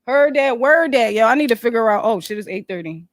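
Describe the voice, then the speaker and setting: Host, woman, high voice, dry close sound, rambling off-the-cuff chat. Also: a little fast, dry recording. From Philadelphia. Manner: rambling, easily sidetracked, animated. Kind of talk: casual livestream chat.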